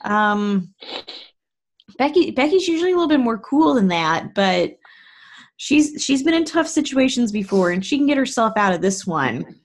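A woman's voice: fairly high pitch, big pitch swings, moderate pace. A woman playing a tabletop game, narrating her character's actions in a playful way. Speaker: player. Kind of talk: tabletop role-play narration.

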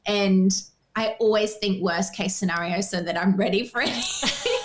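A woman's voice: mid-range voice, normal speed, noisy background. Chatty young Australian woman. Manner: animated, frequent "like" fillers. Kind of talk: casual storytelling.

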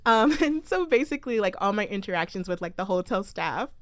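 A woman's voice: mid-range voice, lively intonation, a little fast, no room sound. Chatty young woman, dry close sound. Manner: chatty, laughs often, lots of fillers. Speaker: podcast co-host. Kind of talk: casual chat.

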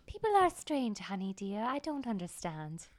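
A man voicing a prim, soothing townswoman mother in a tabletop game, speaking softly in a gently patronizing way. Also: high-pitched, very animated, moderate pace, pitched above the performer's own voice.

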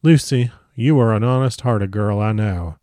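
A man's voice: lowish voice, normal speed, dark tone, no echo, studio quality, close to an everyday voice. A man reading as an earnest young Texan suitor. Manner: earnest, folksy.

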